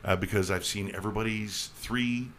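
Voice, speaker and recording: A man's voice: lowish voice, steady tone, normal speed, fairly bright tone. A man hosting a casual talk show, rambling and jokey, often repeating his words. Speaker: podcast host. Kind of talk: casual chat.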